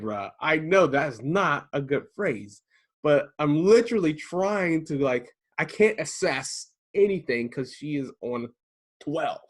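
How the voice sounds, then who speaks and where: A man in his thirties from Maryland telling a story in casual chat, acting out the quotes with lively jumps in his voice. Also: a little slow. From Prince George's County, Maryland. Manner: animated, acts out quotes with big jumps in pitch. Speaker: podcast co-host telling a story.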